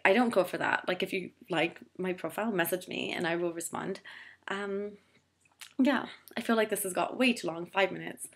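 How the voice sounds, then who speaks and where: Young woman, low-ish voice, casual vlog to camera, chatty, lots of ums, self-mocking. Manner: chatty, filler-heavy, self-deprecating. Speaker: vlogger. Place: Toronto.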